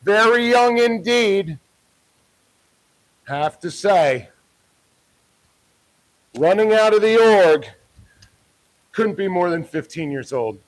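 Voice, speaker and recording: A man filming a street vlog, switching between low muttered asides to the camera and sarcastic, mock-formal heckling. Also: lively intonation, takes it slowly, long pauses, darkish tone, rough recording. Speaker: protester filming himself.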